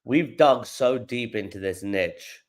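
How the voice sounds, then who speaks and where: A man's voice: mid-range voice, slow. A man from London, a guest on a podcast interview, explaining things at length with examples and often repeating words as he goes. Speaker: guest, AI company founder.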